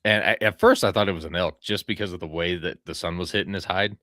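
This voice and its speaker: A man's voice: low voice, steady tone, fast, fairly bright tone, no room sound, clean studio sound. A man hosting a podcast, telling a hunting story in a casual, rambling way, swearing freely and acting out his own lines.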